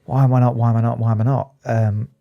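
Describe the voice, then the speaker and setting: A man, a psychotherapist, talking candidly and emotionally in an interview, halting and restarting often. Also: medium pitch, level tone, creaky, highs cut off. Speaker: psychotherapist and addiction specialist, guest.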